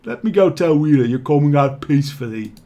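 A man plays a male half-orc adventurer from a video game in his plain voice, casual and a bit hesitant, pitched slightly high. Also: lively intonation, fairly quick, dark tone, highs cut off, a little hiss or hum.

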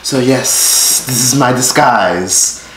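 The voice here is medium-pitched, slow and fairly bright: a male YouTuber vlogging into the phone in his hand. Profane and joking, he addresses viewers head-on. Faint noise and echo fill the room.

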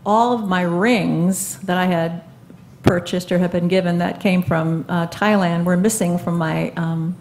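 A woman in her seventies speaking onstage at a live event, telling her own story in an earnest, halting way with many fillers and restarts. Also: fairly low pitch, fairly even intonation, noisy background. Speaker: guest speaker. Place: live event stage before an audience.

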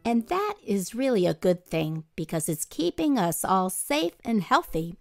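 A woman, a parent educator, gently teaching young children about music in a sing-song manner. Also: medium pitch, big pitch swings, measured pace, gravelly. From Missouri. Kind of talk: children's music lesson with singing.

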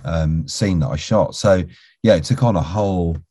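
A middle-aged British actor tells a rambling story from a film set, full of restarts and asides. His voice is low, mellow and a little husky. The recording is close and dry. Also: normal speed, no echo. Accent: British English. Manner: rambling, with many restarts and "you know"s, drops to a near whisper when quoting. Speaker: actor interviewed as a guest. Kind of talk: casual anecdotal storytelling.

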